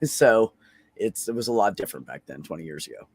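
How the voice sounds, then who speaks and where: A man's voice: fairly low pitch, expressive, fairly quick, darkish tone, slightly rough. A man talks over a video call with a dry, close sound and no room echo. He rambles through a story in a loose, chatty way, full of swearing and fillers. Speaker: open mic show host. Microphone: computer microphone on a video call.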